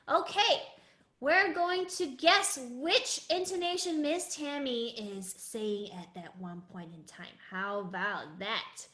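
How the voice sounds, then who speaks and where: A woman teaching a live online music and Mandarin lesson to children in an animated, sing-song manner. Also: fairly high pitch, echoey room. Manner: animated, sing-song, calls herself in third person. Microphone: video call.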